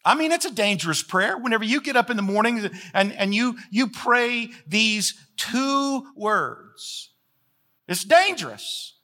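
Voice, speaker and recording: A man's voice: high voice, expressive, unhurried, bright, forceful tone. A man preaching a sermon as the pastor, folksy and emphatic, repeating phrases to drive points home.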